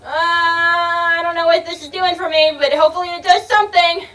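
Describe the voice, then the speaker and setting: A young woman gaming video creator does let's-play commentary at a moderate pace in an extremely high-pitched voice. She's excitable, swearing freely, yelling, and laughing as she plays.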